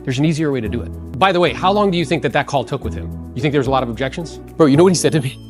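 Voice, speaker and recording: A man's voice: mid-range voice, very fast, over music. A man coaching agents in a blunt, slangy way, acting out callers' lines and quizzing his listeners. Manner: animated, acts out voices of callers, quizzes listeners. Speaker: real estate coach.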